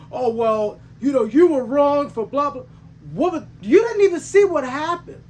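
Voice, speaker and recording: A man's voice: high voice, slight background noise. A man, a truck driver and channel host, telling a story in a casual way, heated and emphatic, with slangy asides and many restarts. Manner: frequent restarts and self-corrections.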